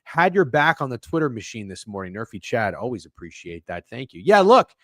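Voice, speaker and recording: A male stream host in loose, casual banter. His voice bounces around a lot in pitch as he jokes and curses. The sound is dry, with no room echo. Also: big pitch swings, brisk, a bit bright. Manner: rambling, profane, jokey banter reacting to chat. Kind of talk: casual chat on a live stream.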